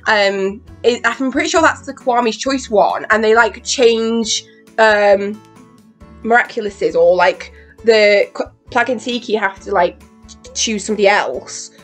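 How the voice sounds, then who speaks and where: A woman chatting excitedly in a rambling makeup vlog, swearing freely and acting out her own reactions. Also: medium pitch, measured pace, soft background music. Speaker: beauty vlogger. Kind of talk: rambling get-ready-with-me chat.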